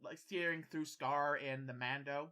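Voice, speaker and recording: Halting man narrating a tabletop game. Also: on the high side, fairly even intonation, sharp tone, clean tone. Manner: halting, full of restarts and "like". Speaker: game master.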